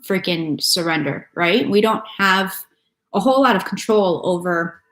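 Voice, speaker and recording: A woman's voice: fairly low pitch, moderate pace, a bit bright. A woman giving a loose, chatty live-stream tarot reading, swearing casually and greeting viewers by name. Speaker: tarot reader. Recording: echoey room with faint noise.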